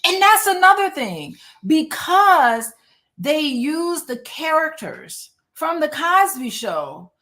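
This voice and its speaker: A woman's voice: high-pitched, big pitch swings, takes it slowly, bright, forceful tone. A woman hosting a casual conversation, telling her points in an emphatic, chatty way. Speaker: host.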